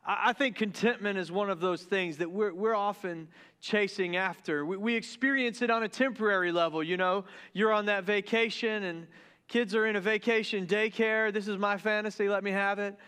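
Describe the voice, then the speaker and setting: A man from the Deep South, preaching a casual, joking sermon to his church and tripping over his words in his excitement. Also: normal speed, clean tone. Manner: joking, excitable, stumbles and restarts. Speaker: pastor. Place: church sanctuary.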